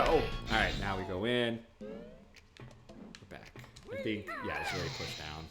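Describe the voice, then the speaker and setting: A young man streaming a retro platformer live, talking in a lively voice that swings widely up and down. He chats through the game, yells when he fails, and rambles gratefully to his viewers. Game music plays clearly behind him. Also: fairly low pitch, a little slow, pauses often. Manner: excitable, loud outbursts and chatty thanks to viewers. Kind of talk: live gameplay commentary.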